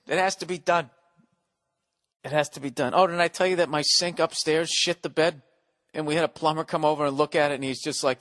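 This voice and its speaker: A man's voice: fairly high pitch, brisk. Profane, exasperated middle-aged man ranting. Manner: profane, exasperated ranting with big swings from loud to muttered. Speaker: podcast host. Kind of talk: rambling comic monologue.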